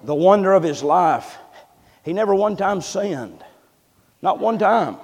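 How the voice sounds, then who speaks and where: A man's voice: high voice, lively intonation, measured pace, breathy edge, big-room sound. A man preaching a sermon, emphatic and repetitive, calling for amens from the congregation. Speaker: pastor.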